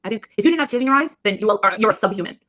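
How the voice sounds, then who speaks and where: A woman's voice: medium pitch, animated, rapid-fire, a bit bright. A woman on a live stream who rambles on scornfully and repeats herself, talking into a phone or webcam. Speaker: livestreamer. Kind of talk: rambling livestream gossip.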